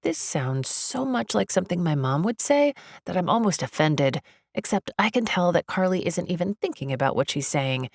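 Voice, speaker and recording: Woman narrator, audiobook, low voice, dry close sound, measured, wry. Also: sing-song, gravelly, dry recording. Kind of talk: first-person audiobook narration.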